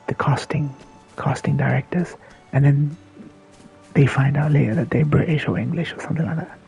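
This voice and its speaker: A man's voice: a little high, vocal fry, dark tone, low-quality recording. A man giving casual, rambling livestream commentary over a video game, swearing freely, restarting his sentences and often dropping to a near-whisper. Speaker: gameplay commentator.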